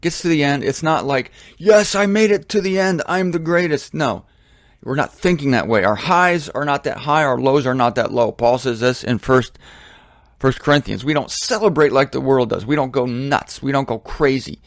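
A man hosting a religious talk series, speaking in a rambling, animated, self-deprecating monologue from his home studio into a microphone. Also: mid-range voice, normal speed, no room sound. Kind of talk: casual monologue.

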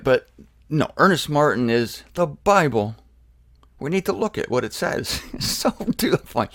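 A man's voice: a little high, no room sound, studio quality. A man giving a casual Bible lecture, reading quotes and breaking off for joking, self-deprecating asides. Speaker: Bible teacher.

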